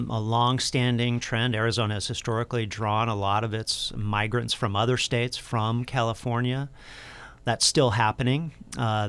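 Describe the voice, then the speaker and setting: A man who directs an economic research center, answering interview questions in a measured, explanatory way with frequent fillers. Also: mid-range voice, fairly bright tone, clean tone.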